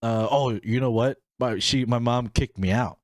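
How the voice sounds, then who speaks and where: A man's voice: mid-range voice, steady tone, normal speed, no echo, clean studio sound. A young man hosting a podcast and telling a family story in a casual way. He talks with animation and acts out the people in it, raising his voice for them. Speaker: podcast host.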